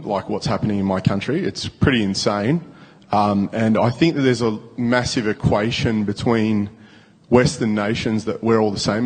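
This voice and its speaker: Young aussie guy asking a question at a mic, kinda low and husky, stumbles a lot, big hall echo. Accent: Australian. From Australia. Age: young adult. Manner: hesitant, full of fillers and restarts. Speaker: audience member asking a question. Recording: long hall reverb.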